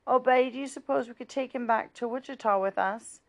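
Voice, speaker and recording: A young female teacher coos fondly in a storybook reading, with a woman voicing her. The voice sits a little high and sounds gentle. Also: brisk, lightly acted. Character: young woman teacher, sleepy, fond of the mouse.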